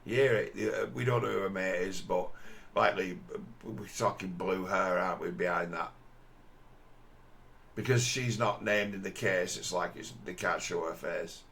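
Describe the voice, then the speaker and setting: A man's voice: sits low, fairly even intonation, moderate pace, gravelly, fairly bright tone. A man giving a crude, scornful commentary over a video, often mimicking the people he mocks.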